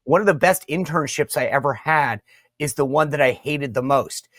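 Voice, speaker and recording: A man's voice: fairly high pitch, normal speed, a bit bright, no room sound. Conversational male host, dry sound. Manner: conversational, many restarts. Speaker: show host. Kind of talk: interview and sign-off.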